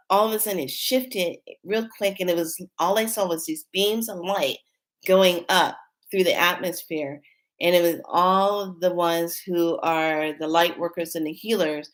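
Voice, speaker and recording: A woman with a slightly low-pitched voice talks straight to her viewers in a casual spiritual vlog. She rambles and restarts her sentences often, then gets excited and hurried as the story builds. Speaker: spiritual channel host.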